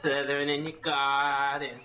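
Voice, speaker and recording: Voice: mid-range voice, little pitch movement, unhurried, very noisy, natural voice. Someone doing a sneaky slithery snake. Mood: sly, goofy. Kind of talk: comedy sketch video.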